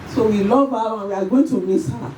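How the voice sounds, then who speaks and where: A Nigerian woman giving an emotional tribute at a memorial service, her voice shaking as she tells the story in halting, repeated phrases. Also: mid-range voice, dark tone. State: tearful, voice shaking. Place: church or event hall at a memorial service. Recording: echoey hall, far from the mic, faint noise.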